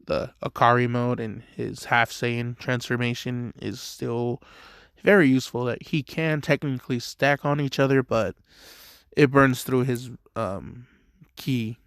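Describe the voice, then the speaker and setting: A man's voice: medium pitch, gravelly, clear, resonant tone, dry recording, studio quality. A young man telling a fan story casually, rambling with lots of fillers. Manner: rambling, filler-heavy, laid-back.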